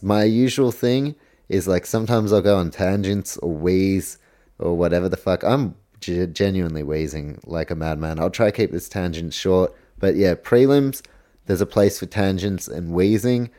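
A New man talks loosely through a solo podcast in a low, relaxed, mellow voice. He wanders off on tangents, corrects himself mid-sentence and drops the odd swear word. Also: moderate pace. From New Zealand. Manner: rambling, self-correcting, swears, goes off on tangents. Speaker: podcast host. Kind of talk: casual solo podcast preview.

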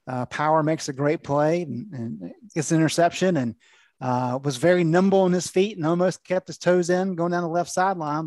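A man with a fairly high voice, a veteran sports reporter, explains at length in a calm, measured way. His voice is dry and close to the mic. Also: dry recording. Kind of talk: casual sports analysis.

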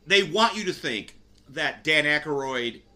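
A man's voice: fairly high pitch, animated, unhurried, pushed and bright. A man hosting a podcast, chatting casually about a film and retelling its scenes. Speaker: podcast host. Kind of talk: casual movie review chat.

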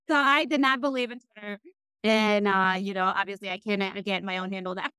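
Bright, clear-voiced woman podcast host. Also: medium pitch, normal speed, dry recording. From Peru. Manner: relaxed, laughs often, shares personal stories. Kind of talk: casual interview chat.

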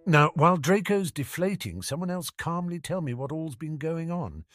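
A man voicing a level-headed teenage boy who calmly settles an argument. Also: a little high, normal speed, dry recording, studio quality, soft background music, pitched above the performer's own voice. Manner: calm and reasonable.

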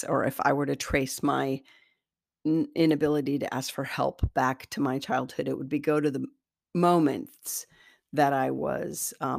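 A woman's voice: very deep voice, gravelly, a little mellow, dry recording, clean studio sound. A woman hosting a self-help talk as an energy healer, speaking in a candid, conversational and self-deprecating way. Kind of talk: spoken self-help monologue.

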